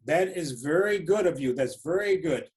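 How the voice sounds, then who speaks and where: A man in his seventies doing an impression of an elderly South African statesman, speaking in a gentle, fatherly, measured way. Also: fairly high pitch, expressive, close to an everyday voice. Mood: earnest.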